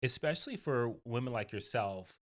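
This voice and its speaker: A man's voice: mid-range voice, animated, normal speed, fairly bright tone. A man co-hosting a podcast, talking casually with frequent restarts and "right?" tags. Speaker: podcast co-host.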